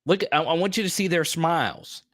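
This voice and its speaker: A man's voice: fairly high pitch, brisk, no room sound, clean studio sound. A man hosting a live stream in casual chat, playful and teasing, with a joking repeated "huh?".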